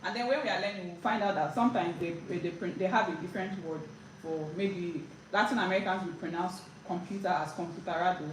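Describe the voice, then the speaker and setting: A woman giving a casual spoken language lesson, chatty, with frequent "like" and "right?" and many restarts. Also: lowish voice. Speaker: language teacher. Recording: roomy echo, distant mic, faint background noise.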